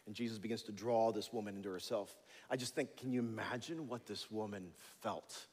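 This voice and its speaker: A male pastor giving a sermon in a church, conversational and animated, with jokey storytelling. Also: lowish voice, brisk, husky, big-room sound. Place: church sanctuary.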